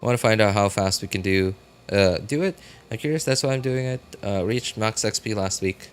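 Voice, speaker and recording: A man's voice: fairly low pitch, brisk, clean tone. A young man chatting casually with viewers while streaming a game, rambling with lots of fillers. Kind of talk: casual live-stream chat.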